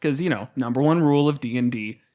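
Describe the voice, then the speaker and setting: A man's voice: medium pitch, fast, warm tone. Rambling man talking tabletop games. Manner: rambling, many fillers and restarts. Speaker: podcast co-host. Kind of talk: casual tabletop game chat.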